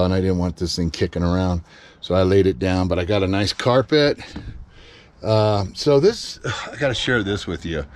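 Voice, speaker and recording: A middle-aged American man, a solo gigging musician, showing his gear in a casual, rambling vlog full of fillers and the odd swear word. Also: on the low side. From USA. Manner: rambling, swears freely, many fillers and restarts. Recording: noisy home video recording.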